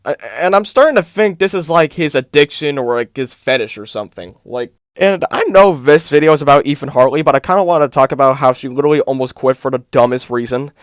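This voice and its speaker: A man with a high voice delivers an exasperated commentary rant, packed with "like" and "bro". The sound is dry and close, with no room echo. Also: lively intonation, fast, few pauses. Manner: exasperated, fills talk with "like" and "bro". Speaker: YouTube commentator.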